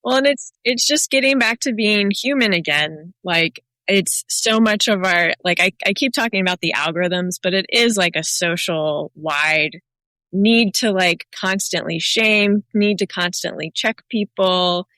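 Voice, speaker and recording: A woman's voice: mid-range voice, a little slow, sharp tone, no room sound. A woman hosting a podcast, sharing earnest, thoughtful reflections in casual conversation. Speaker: podcast host.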